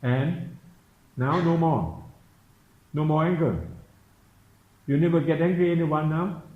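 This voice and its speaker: A man giving a Buddhist dharma talk, slowly and repetitively questioning his listeners in simple English. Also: on the high side, fairly even intonation. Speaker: Buddhist meditation teacher. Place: temple teaching hall. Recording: echoey, dull room recording.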